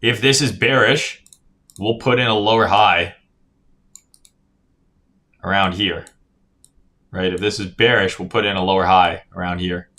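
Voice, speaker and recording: Bright-voiced man breaking down crypto charts. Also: low-pitched, fairly even intonation, unhurried, long pauses. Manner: casual, profane, reads chat aloud, says "right?" often. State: yawning, tired. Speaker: crypto trading streamer. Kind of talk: casual chart analysis livestream.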